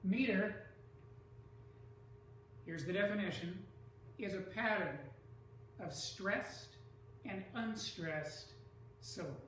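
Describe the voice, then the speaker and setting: Slow, deliberate teacher in an echoey room. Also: medium pitch, fairly bright tone, distant mic, a little hiss or hum. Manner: slow, deliberate, stresses syllables aloud. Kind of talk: classroom lesson on poetry.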